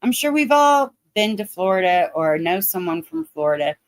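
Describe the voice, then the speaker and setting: A woman's voice: fairly low pitch, sing-song, normal speed, dry recording. A woman with a Southern Ohio accent ranting bluntly and profanely as she comments on a livestream. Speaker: drama commentary streamer.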